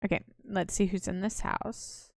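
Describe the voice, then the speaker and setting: A woman playing through a game and reading its dialogue aloud in a relaxed, offhand way. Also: medium pitch, measured pace, gravelly, no room sound, clean studio sound. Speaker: game streamer.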